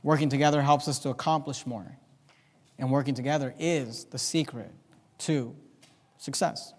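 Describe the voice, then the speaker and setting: A man preaching a sermon as pastor, reading scripture aloud with slow, emphatic stress in a church. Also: medium pitch, steady tone. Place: church sanctuary. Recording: long reverb of a church hall.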